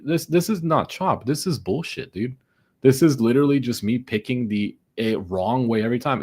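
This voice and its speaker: A man's voice: medium pitch, animated, normal speed, a little mellow, breathy edge. A young man live-streaming his day trading, exasperated and swearing as he mutters to himself about his losses. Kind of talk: frustrated live commentary.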